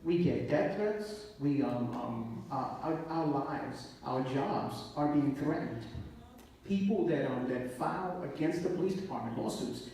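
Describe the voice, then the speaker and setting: A police officer, talking emotionally and apologetically on a live panel. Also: male voice, medium pitch, lively intonation, dark tone. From the Bronx, New York. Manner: emotional, apologetic, rapid bursts. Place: event hall. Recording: echoey hall, distant mic, faint hiss.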